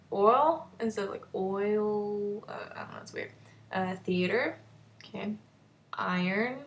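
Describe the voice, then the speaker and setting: A young woman with a North Texas accent chatting casually in a vlog, with many fillers and small laughs. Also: medium pitch. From North Texas, USA. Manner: chatty, giggly, lots of fillers and likes. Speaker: vlogger. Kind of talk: casual chat.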